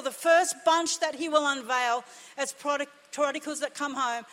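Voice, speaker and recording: A woman pastor preaches in a high, ringing voice. She drives her points home with urgent repetition. A long reverb hangs after each phrase in the church hall. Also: normal speed, few pauses, fairly bright tone. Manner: impassioned, emphatic preaching with repeated phrases. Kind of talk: sermon.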